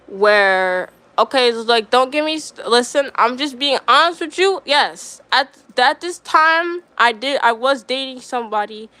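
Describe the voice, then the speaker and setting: A woman's voice: fairly high pitch, pushed and bright. A young woman streamer telling a story in casual chat, rambling with lots of fillers and getting riled up.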